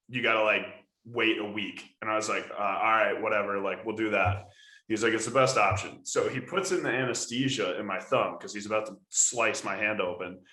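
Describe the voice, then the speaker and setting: An American man co-hosting a podcast, telling a story in a casual, animated way with laughs. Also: lowish voice. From United States. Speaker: podcast co-host. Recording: roomy echo.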